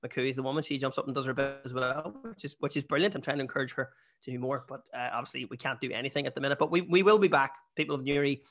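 A man's voice: mid-range voice, level tone, fairly bright tone. Chatty Northern Irish comedian, man. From Northern Ireland. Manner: chatty storyteller, quick jokes. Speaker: stand-up comedian and podcast guest. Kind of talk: casual podcast chat.

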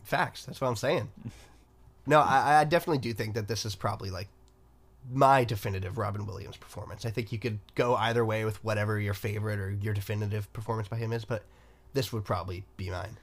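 A young man co-hosting a casual movie podcast, relaxed and slangy, saying "like" a lot. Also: fairly low pitch, fast. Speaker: podcast co-host.

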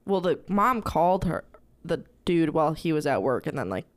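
Laughing woman with a lively voice. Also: low-pitched, normal speed, dry recording. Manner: laughs often, teasing. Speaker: podcast co-host reading a paranormal story. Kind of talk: casual chat.

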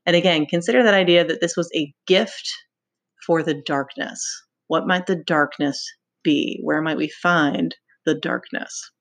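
Woman teacher, slightly low voice, explains and asks guiding questions. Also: a little slow. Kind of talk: lesson with a novel read aloud.

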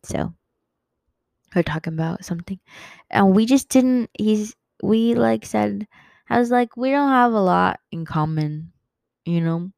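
A woman's voice: mid-range voice, lively intonation, a little slow, vocal fry, darkish tone, no echo. A young woman hosting a casual solo podcast, giggling often and rambling as she loses her train of thought. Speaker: podcast host.

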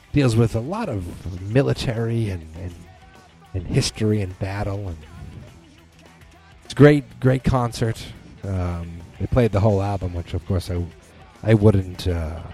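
A man. He rambles, restarting sentences and filling pauses. Faint music plays beneath him. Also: sits low, dark tone. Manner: rambling, with many restarts and fillers. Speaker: podcast host. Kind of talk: casual monologue.

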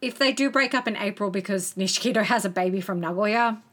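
A woman's voice: medium pitch, fast, a bit bright. A woman co-hosting a podcast in casual group chat, blunt and laughing often, swearing freely. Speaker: podcast co-host.

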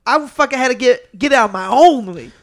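A man's voice: extremely high pitch, lively intonation, quick pace, fairly bright tone. A man, bantering in casual chat, teasing, swearing and cutting in on the storyteller. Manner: teasing, profane, interrupting.

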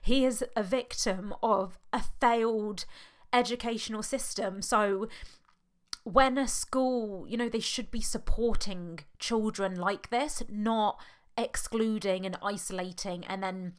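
A British woman, a parent and hypnotherapist, talking through a personal podcast monologue in an earnest, heartfelt way with halting pauses and fillers. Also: mid-range voice. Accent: British English.

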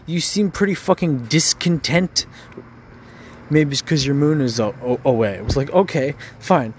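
A man's voice: a little high, moderate pace, slight background noise. A man venting in an angry rant, frustrated and profane, stumbling over repeated words.

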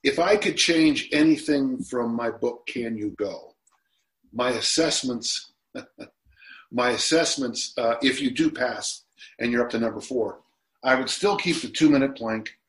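A man in his sixties, a guest on a podcast, speaks at a measured pace in a medium-pitched, slightly bright voice. The recording has a roomy echo, and his reflective talk turns emotional at times.

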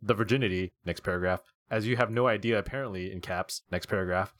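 A man co-hosting a podcast, reading posts aloud in a casual, animated way and laughing at them. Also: fairly low pitch, fast talker, no room sound. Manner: reads quotes in an animated, laughing voice. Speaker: podcast co-host.

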